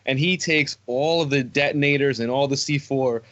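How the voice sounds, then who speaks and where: A man on a podcast excitedly retelling a favorite scene and stumbling over his words. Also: mid-range voice, moderate pace, no room sound. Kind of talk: casual podcast discussion. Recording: dry, muffled lo-fi audio.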